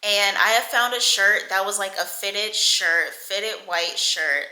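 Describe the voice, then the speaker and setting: A woman in her twenties telling a casual storytime, chatty and animated, swearing and laughing a lot. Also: mid-range voice, slow pace. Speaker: vlogger. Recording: echoey room.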